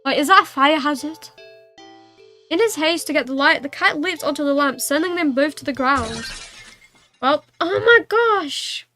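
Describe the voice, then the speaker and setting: A woman's voice: high-pitched, moderate pace, bright, forceful tone, soft background music. A young woman streaming a game, reading its text aloud and chatting, playful and giggly with cat-like meows.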